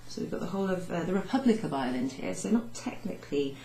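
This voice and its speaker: Woman as patient language teacher, lowish mellow voice, echoey room. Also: expressive, fast talker, gravelly, slight background noise. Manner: patient, explains step by step with French examples. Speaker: French teacher. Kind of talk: recorded lesson recap.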